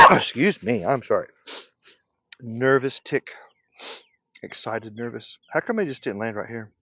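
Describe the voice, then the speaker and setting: A male beekeeper teaching casually while working in his apiary, thinking aloud in an unhurried way and often clearing his throat. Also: mid-range voice, wildly swooping pitch, bright, forceful tone, slight background noise. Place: outdoor apiary.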